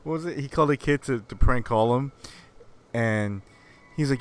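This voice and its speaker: A man's voice: mid-range voice, normal speed. A man streaming a video game, chatting casually with viewers, who rambles and laughs often as he tells stories.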